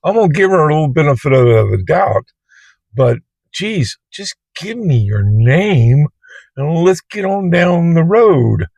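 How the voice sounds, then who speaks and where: A fairly high-pitched man talks casually to camera from his parked car, rambling and colloquial as he tells a story. The sound is dry and close, with no room echo. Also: very animated, unhurried, creaky, darkish tone. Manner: plain-spoken, colloquial, rambling. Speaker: Uber driver and vlogger.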